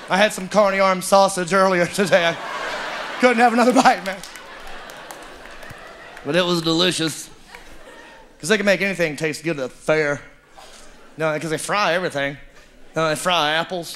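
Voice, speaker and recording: A man doing a stand-up comedy set, drawling and animated. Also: high voice. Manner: drawling storyteller, animated and loud, mimics characters. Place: comedy club stage with live audience. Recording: live club recording, audience noise.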